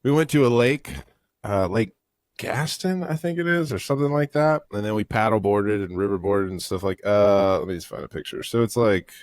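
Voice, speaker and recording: Male co-host, low voice, dry close mic, relaxed rambling delivery. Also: normal speed, no room sound. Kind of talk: casual chat.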